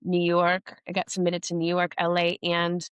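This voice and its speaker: A woman with a lowish voice recounting her acting career in a candid interview. She tells stories with lots of "like" fillers and acts out what people said to her. The sound is close and dry. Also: moderate pace, clean tone, no echo, highs cut off. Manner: animated anecdotes with many "like" fillers and acted-out quotes. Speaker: actress and podcast host, interview guest.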